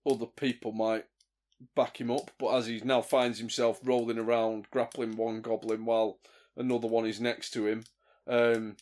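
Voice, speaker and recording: A man's voice: medium pitch, little pitch movement, normal speed, a little mellow. A man playing in a tabletop game, narrating his character's actions with stumbles and restarts. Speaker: player. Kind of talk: tabletop role-play chat.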